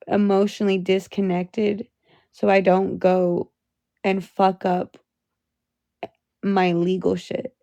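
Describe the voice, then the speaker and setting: A woman's voice: mid-range voice, mellow, no room sound. A young woman livestreaming from her phone, venting angrily and with a lot of profanity. She talks to her chat and sounds exhausted.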